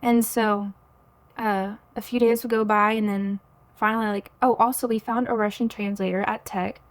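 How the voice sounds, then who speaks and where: An earnest young woman in her twenties, a guest on a podcast, tells her personal faith story in a casual, chatty way. She fills her speech with "like" and keeps quoting what she thought at the time. Her voice sits at an ordinary middle pitch. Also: steady tone, moderate pace. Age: 20s. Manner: earnest, chatty, full of "like" and quoted inner thoughts.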